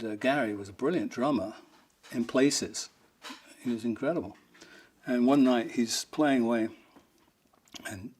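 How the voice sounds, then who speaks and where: A man being interviewed, telling funny stories with frequent chuckles and voices for the people in them. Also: mid-range voice. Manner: chuckling, animated retelling with acted quotes. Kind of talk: anecdotal storytelling.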